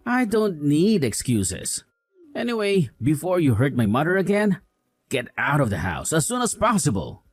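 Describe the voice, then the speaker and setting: A man plays a young husband who blindly takes his mother's side and scolds his wife with contempt. His pitch jumps around a great deal as he lectures. The sound is dry and close, with faint music underneath. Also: huge pitch swings, moderate pace, husky, dry recording, full character voice. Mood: scolding. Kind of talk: voiced drama story.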